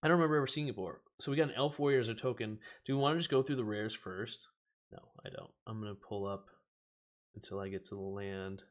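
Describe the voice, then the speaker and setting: Quick-paced, with a fairly low pitch and fairly even intonation, a man runs a laid-back stream opening card packs. He chats, laughs a lot, and reads out what the cards say.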